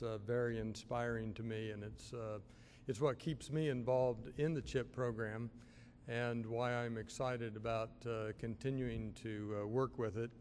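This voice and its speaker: A man who is a physician, making closing announcements at a public health talk in a halting way, with many uhs. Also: medium pitch, darkish tone, a little hiss or hum. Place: school auditorium. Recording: reverberant auditorium sound.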